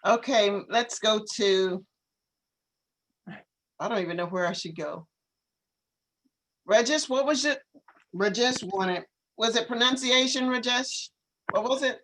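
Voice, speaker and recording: Woman english teacher on a video call, patient, drags words out slow to show how they sound. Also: fairly high pitch, fairly bright tone. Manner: patient, corrective, models words slowly. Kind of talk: online class coaching.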